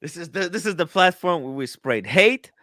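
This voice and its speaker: A man hosting a casual watch livestream, talking in an excitable, animated way with quick asides to the chat. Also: a little high, no echo, studio quality. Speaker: livestream host. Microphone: studio microphone.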